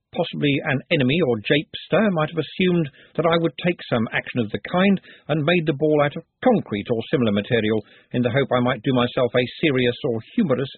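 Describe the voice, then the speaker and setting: A man's voice: mid-range voice, husky, no room sound, pitched above the performer's own voice. A man voicing a prim, precise male secretary who talks in a formal, literal, solemn way. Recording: dry, phone-like narrow sound.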